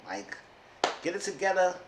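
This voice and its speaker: A man's voice: high-pitched, very animated, normal speed. Male reality-TV reviewer, sassy and exasperated, mimics cast members; echoey room, faint hiss. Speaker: TV show reviewer. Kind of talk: casual recap commentary.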